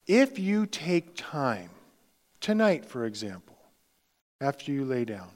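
A man preaching a sermon with slow, emphatic delivery, dropping into hushed tones for emphasis. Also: mid-range voice, sing-song. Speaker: pastor.

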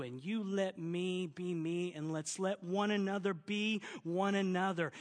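A man with a Southern accent and a high, light voice preaches a sermon. He is folksy and emphatic and slips jokes into his points. His voice rings with the long reverb of a large church. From Oklahoma. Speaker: pastor.

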